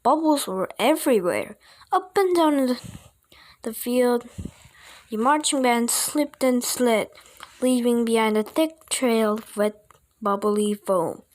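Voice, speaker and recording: A woman with a fairly high voice reads a children's story aloud at an unhurried pace. She reads playfully and breaks off now and then for little chatty asides. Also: lively intonation. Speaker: audiobook reader. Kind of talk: reading a children's book aloud.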